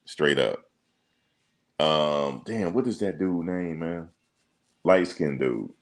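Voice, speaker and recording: Very deep gravelly-voiced man chatting. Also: slow pace. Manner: relaxed slangy banter, thinks aloud with ums. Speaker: reaction streamer. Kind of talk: casual chat reading viewer comments.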